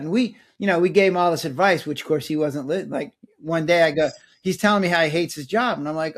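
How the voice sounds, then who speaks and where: A middle-aged man, a former doctor, talking casually in an interview and acting out quick bits of dialogue. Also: fairly high pitch. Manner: animated, acts out patients' and his own lines in voices. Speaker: guest, former physician.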